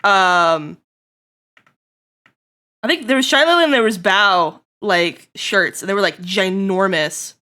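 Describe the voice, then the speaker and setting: A woman's voice: mid-range voice, animated, slow, pauses often, bright, forceful tone. A young woman streamer chatting casually with her viewers, giggly and playful, swearing and putting on mock-angry rants.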